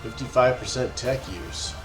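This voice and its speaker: A man's voice: medium pitch, steady tone, normal speed. A man hosting a let's play, casually reading game text aloud with his own asides. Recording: roomy echo, faint music.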